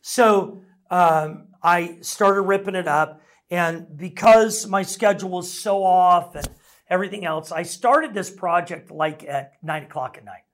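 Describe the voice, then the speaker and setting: A man's voice: high-pitched, measured pace, a bit bright. A middle-aged man preaching a sermon as a pastor, telling stories in a conversational, self-deprecating way.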